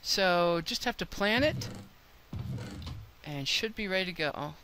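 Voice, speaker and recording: A woman's voice: on the low side, lively intonation, unhurried, noisy background. An older woman hosting a game video, thinking aloud in a chatty, self-deprecating way as she plays. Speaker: let's play host. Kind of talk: gameplay commentary.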